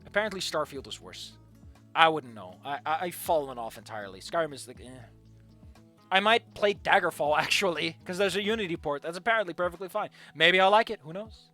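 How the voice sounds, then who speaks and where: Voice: mid-range voice, lively intonation, brisk, bright, forceful tone, soft background music. A streamer giving casual gaming commentary, opinionated and ranting, often restarting mid-thought.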